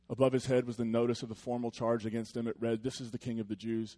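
A man who is a pastor, preaching a sermon to his congregation in a conversational, earnest way that drops into soft, reflective passages. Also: medium pitch, level tone, brisk, hardly any pauses.

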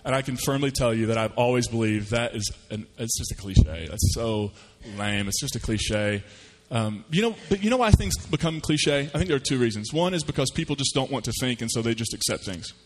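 A man's voice: medium pitch, fairly quick, hardly any pauses, long reverb tail, slight background noise. A man preaching a sermon, telling stories in a folksy way and voicing the people in them. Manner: folksy storytelling with lively voiced asides. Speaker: pastor.

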